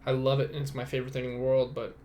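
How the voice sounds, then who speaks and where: A man's voice: medium pitch, monotone, rapid-fire, darkish tone. A young man hosting a casual solo podcast, rambling and self-mocking, swearing freely. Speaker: podcast host.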